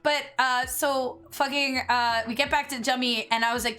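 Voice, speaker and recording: A woman's voice: sits high, steady tone, normal speed, pushed and bright. A woman hosting a stream, chatting and telling a long story with lots of laughing and swearing. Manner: giggly, swears freely, rambling. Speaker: streamer host. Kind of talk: casual storytelling chat. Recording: faint music behind.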